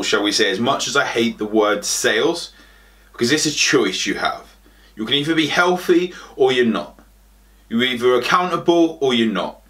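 A man's voice: medium pitch, fairly bright tone. A man, a health coach giving a motivational talk, emphatic and direct, hammering his points with repetition.

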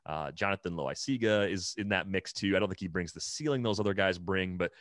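A man's voice: low-pitched, a little fast, a bit bright, no room sound. A man co-hosting a podcast, talking through baseball in a casual, analytical way with lots of "like" and restarts. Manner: analytical, thinks aloud with many "like" and restarts. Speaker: podcast co-host.

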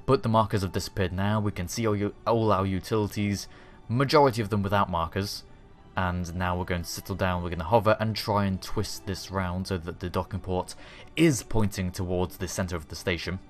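A man with a low voice talks through a space-flight game as a channel host. He rambles casually, corrects himself often and drops dry, self-mocking asides. Soft background music sits under his voice. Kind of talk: casual gameplay commentary.

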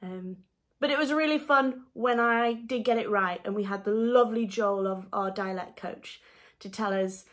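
A woman in the cast of a musical, giving chatty, animated interview answers from home. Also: medium pitch, normal speed. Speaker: musical theatre cast member. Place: home during lockdown.

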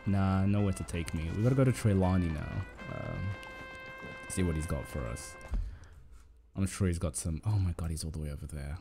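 A man's voice: deep voice, a little fast, music in the background. A man streaming a video game, chatting and joking to himself and his viewers. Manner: chatty and jokey, talking to himself and to chat. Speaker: gaming streamer. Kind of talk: casual live-stream commentary.

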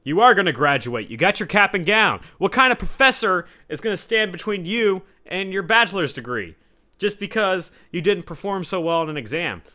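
A young man in his twenties hosting a solo podcast, rambling and swearing, dropping to mumbles and then bursting out loud. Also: high-pitched, lively intonation, moderate pace. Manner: rambling, profane, swings between mumbled asides and loud outbursts. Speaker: podcast host. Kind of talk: solo casual podcast rant. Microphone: home podcast mic setup.

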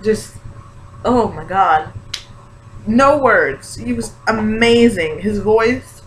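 A young woman chatting excitedly in a casual reaction vlog, gushing and full of fillers. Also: medium pitch, takes it slowly, rough recording. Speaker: vlogger. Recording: faint background hiss.

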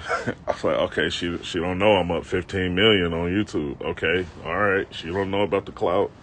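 A low-voiced man spinning a comic tale from his own life for a live stream, loose and slangy, breaking off for joking asides to whoever is watching. He is out on a city street, with the faint sound of the block behind him. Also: steady tone, normal speed, fairly bright tone, a little hiss or hum. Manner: loose, slangy, self-mocking, with asides to viewers. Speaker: comedic vlogger telling a story. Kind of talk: casual storytelling to a live-stream audience.

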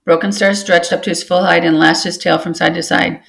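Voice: medium pitch, flat delivery, fairly quick, creaky, a bit bright. A book club reader reading a novel aloud steadily, with occasional restarts after slips.

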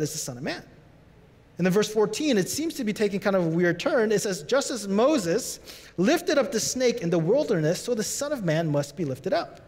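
A man preaching a sermon as pastor, animated, rising to high emphatic peaks. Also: in a large hall.

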